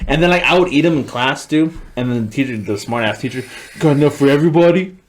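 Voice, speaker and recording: A man's voice: medium pitch, animated, fast. A man co-hosting a podcast, telling laid-back, profane school stories in casual chat. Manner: laid-back, profane, jumps into bright voices when quoting. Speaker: podcast co-host.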